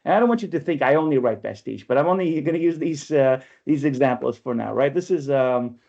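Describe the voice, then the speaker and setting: Animated and fairly quick, this medium-pitched male voice is gravelly yet a little mellow. He's the workshop instructor for an online poetry lecture, going through things step by step and often checking in with "right?" The audio is lo-fi, recorded over a video call.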